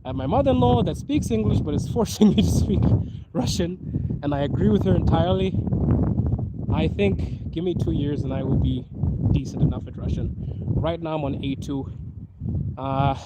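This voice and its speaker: A man's voice: on the high side, very noisy. A man chatting casually on a live stream from his phone, laughing often and calling his viewers dude and bro. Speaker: livestream host. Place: outdoors on a snowy street.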